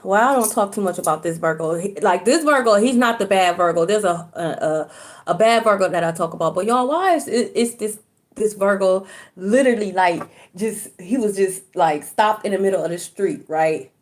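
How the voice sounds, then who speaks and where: A woman's voice: medium pitch, moderate pace. A woman giving a casual livestream spiritual reading, chatty and colloquial, often checking in with "okay?" and cursing casually. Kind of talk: casual livestream talk to viewers. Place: at home, indoors.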